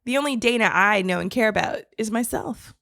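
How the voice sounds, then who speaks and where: Co-host, female, slightly high, giggly and rambling, dry sound. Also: a little fast, gravelly, a bit bright, dry recording. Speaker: podcast co-host. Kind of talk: casual podcast chat.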